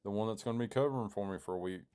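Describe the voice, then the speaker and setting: Male gaming host, lowish voice; casual self-interrupting commentary over gameplay. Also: rapid-fire, mellow, clear, resonant tone. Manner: rambling, self-interrupting, reenacts his own panicked thoughts. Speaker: gaming YouTuber.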